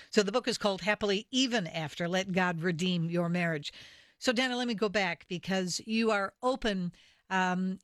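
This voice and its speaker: A woman hosting a radio talk show, interviewing a guest in a measured, articulate way. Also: mid-range voice, fairly bright tone, dry recording. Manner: measured, articulate, quotes literature. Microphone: studio microphone.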